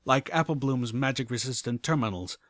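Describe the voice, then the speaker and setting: A man reading a first-person story aloud in a steady, even storytelling manner. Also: medium pitch, brisk, no room sound, studio quality. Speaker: audiobook reader. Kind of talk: first-person audiobook narration.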